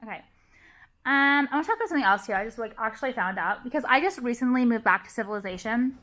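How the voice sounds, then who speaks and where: A young woman talks straight to the camera in a heated, profane rant, repeating her points for emphasis. Her voice sits a little high and rings bright and forceful. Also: lively intonation, fast. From Los Angeles area. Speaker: vlogger.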